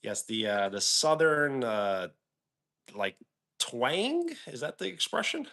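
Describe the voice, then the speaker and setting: A man with a New York accent hosts a relaxed livestream and answers his viewers' comments as they come in. He talks slowly and easily, and his pitch rises and falls a lot. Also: vocal fry. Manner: easygoing, answers chat questions aloud. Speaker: livestream host. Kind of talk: casual chat reading out viewer comments.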